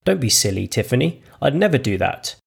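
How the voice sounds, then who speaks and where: A man voicing a naive, cheerful young woman with a bright, lilting delivery in a read-aloud story. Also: medium pitch, big pitch swings, brisk, creaky, breathy edge, exaggerated voice. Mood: matter-of-fact.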